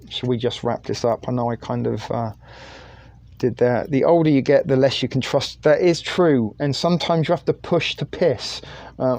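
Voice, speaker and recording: A man's voice: medium pitch, darkish tone, dry recording. Male stream host: rambling, profane, jokey, in a dry, close sound. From United Kingdom. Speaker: livestream host. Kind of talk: casual livestream chat.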